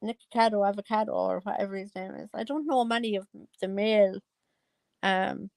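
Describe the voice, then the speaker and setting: Gravelly, chatty woman. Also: medium pitch, fairly quick, darkish tone, dry recording. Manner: gossipy, exclaims and laughs often. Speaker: commentary vlogger. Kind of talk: casual chat.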